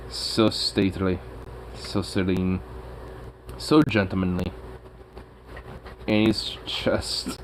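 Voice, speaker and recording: A man talking casually to his pet, cooing and doting with drawn-out murmurs. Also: low-pitched, a little mellow, slight background noise, poor audio.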